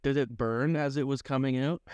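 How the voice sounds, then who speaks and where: A man's voice: medium pitch, normal speed, darkish tone, clean tone, dry recording. A man co-hosting a podcast in casual chat, wry and teasing, laughing along. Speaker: podcast co-host.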